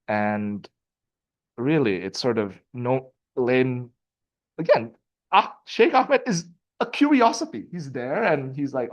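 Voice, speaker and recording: A man's voice: medium pitch, animated, unhurried, dull audio. Man lecturing with rhetorical questions. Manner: conversational, asks rhetorical questions, reads passages aloud. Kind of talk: university seminar lecture.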